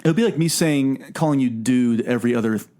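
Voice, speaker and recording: A man hosting a casual book podcast, talking in a chatty, animated way with many restarts. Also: mid-range voice, fast. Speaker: podcast host.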